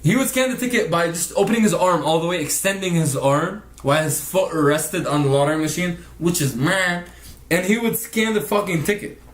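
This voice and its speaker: A man's voice: on the high side, echoey room. Rambling, cursing man telling a story. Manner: profane, rambling, laughs often. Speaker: vlogger narrating over a speed painting. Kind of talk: casual storytelling rant.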